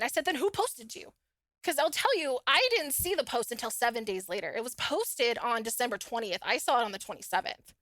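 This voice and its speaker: A woman's voice: on the high side, brisk, no room sound. A middle-aged woman, a podcast guest, casually telling her own story and acting out the dialogue in it. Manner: animated, acts out quoted dialogue.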